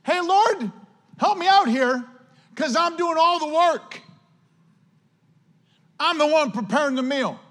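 A man's voice: very high-pitched, lively intonation, slow pace, pauses often, fairly bright tone, in a large hall, voice pushed up, exaggerated voice. A man preaching plays an overworked, complaining woman host in a whiny, pleading voice. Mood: whining.

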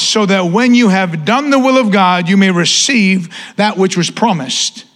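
A man with a high voice preaches to his church, repeating key lines with mounting fervor. At times he drops into a low, hushed intensity before building again. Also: normal speed, hardly any pauses. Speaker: pastor. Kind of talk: sermon.

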